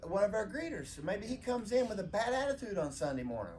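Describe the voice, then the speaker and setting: A man delivers an informal sermon in a church, his pitch rising and falling in lively arcs. His voice sits a little high for a man, and he slips into playful voices when he quotes people. A faint hum of the room sits underneath. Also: quick pace. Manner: animated, conversational, acts out quoted voices. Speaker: pastor. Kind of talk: informal sermon to a small congregation.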